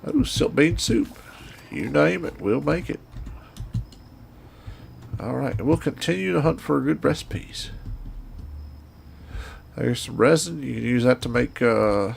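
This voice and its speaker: Gravelly guy w/ a twang, rambling folksy game commentary. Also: medium pitch, animated, a little slow, long pauses, a little hiss or hum. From Indiana. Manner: rambling, folksy, talks to himself while playing. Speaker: gaming streamer. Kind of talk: casual gameplay commentary.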